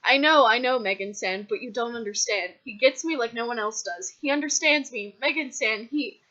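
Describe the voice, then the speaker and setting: A woman's voice: on the high side, normal speed, bright, forceful tone. A woman voicing a whiny, melodramatic punk teenager, pleading dramatically, on a dull lo-fi recording.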